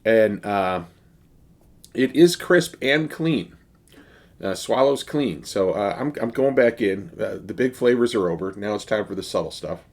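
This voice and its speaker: Male beer vlogger, lowish voice, casual and rambling with a wry humor. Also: animated, a little slow. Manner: rambling, wry, many fillers. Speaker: beer reviewer. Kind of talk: casual beer review vlog.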